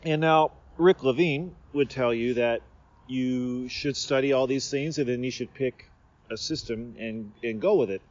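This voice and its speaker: A man's voice: medium pitch, a little slow, a little mellow. A man from the Seattle area, hosting a podcast in a playful, meandering monologue outdoors under a tree, often stopping and restarting his thoughts. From Seattle area, USA. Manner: meandering, self-interrupting, playful. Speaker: podcast host. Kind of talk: rambling casual monologue. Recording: slightly dull recording.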